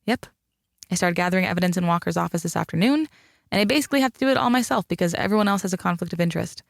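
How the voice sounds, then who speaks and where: A man voicing a sharp, wry young woman coroner in an audiobook, with dry, teasing banter. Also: high-pitched, very fast, vocal fry, no echo.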